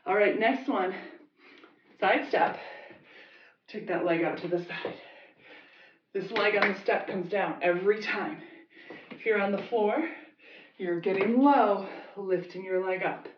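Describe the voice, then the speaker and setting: A woman's voice: mid-range voice, unhurried, pauses often, noisy background. A woman fitness instructor leading a workout class, encouraging and giving short commands. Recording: dull roomy sound, mic at a distance.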